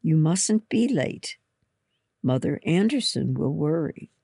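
A reader voicing a sly, cold older nun who speaks calmly and with false cheer. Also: medium pitch, takes it slowly, vocal fry, breathy edge, heavily acted.

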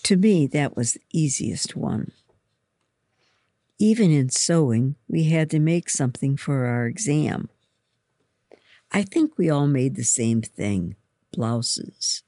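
A reader with a gravelly voice telling a story in first person, slowly and deliberately. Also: mid-range voice, lively intonation, dark tone, dry recording, clean studio sound.

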